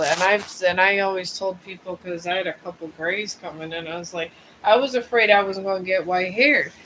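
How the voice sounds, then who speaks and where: Male tarot reader on a livestream; high-ish voice, rambling and chatty, laid-back. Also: fairly bright tone, a little hiss or hum, low-quality recording. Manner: rambling and chatty, drifting between topics. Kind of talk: casual livestream chat. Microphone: streaming setup.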